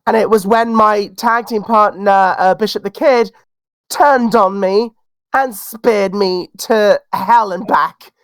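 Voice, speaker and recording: A man's voice: high-pitched, fairly even intonation, takes it slowly, a bit bright, clear, resonant tone, dry recording. A man with a cold, a wrestler guest talking in a casual podcast interview, sassy and outspoken. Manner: sassy, outspoken, self-assured. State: has a cold.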